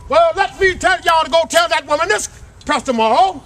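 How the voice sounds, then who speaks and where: A man gives a fiery speech outdoors, his voice unusually high and ringing bright. He works the crowd like a preacher, calling for amens between points. A faint hum of outdoor noise sits under him. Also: brisk. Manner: preacher-like call and response. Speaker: speaker at a flag ceremony. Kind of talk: impassioned public speech. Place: outdoors at a cemetery ceremony.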